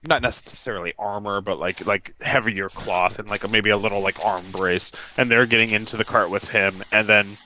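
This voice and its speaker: A man's voice: on the low side, steady tone, normal speed, hardly any pauses, bright, forceful tone, highs cut off, a little hiss or hum. A man narrating a tabletop game as dungeon master, loosely and with many fillers.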